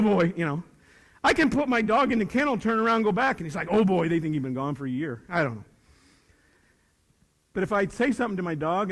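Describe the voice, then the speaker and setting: Older man, animated speaker in hall. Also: high voice. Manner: animated, swings from loud bursts to hushed asides. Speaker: motivational speaker. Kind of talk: live motivational talk. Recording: reverberant hall.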